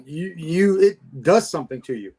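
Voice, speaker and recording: A man's voice: a little high, lively intonation, normal speed, dark tone, husky. A man guest telling his encounter story in a casual interview, with a lot of stammering restarts and laughing at himself. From Florida. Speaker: Bigfoot investigator guest.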